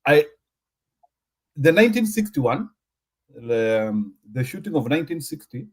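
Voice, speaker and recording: A man's voice: a little high, very animated, unhurried, a little mellow, slightly rough. A man with a Kenyan accent, his voice sitting a little above the usual male range. He hosts an easygoing chat, mixing languages and laughing between his points. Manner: switches between English and Swahili, laughs often, teasing. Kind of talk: casual chat.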